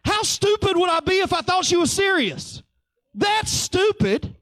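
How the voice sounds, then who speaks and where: High-voiced joking preacher man. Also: a little slow, no echo. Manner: joking, teasing, animated storytelling. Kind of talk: conversational sermon.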